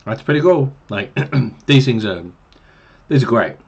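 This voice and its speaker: A man's voice: mid-range voice, lively intonation, a little slow, husky. A man casually giving tips to new game masters on a livestream, rambling and chatty with many fillers. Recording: dull lo-fi stream mic.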